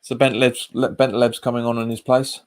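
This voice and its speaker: A man at a middling pitch talks casually through a live football watch-along. He reads out viewer comments and answers them, often saying the same phrase twice. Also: flat delivery, quick pace, darkish tone. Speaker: fan channel host.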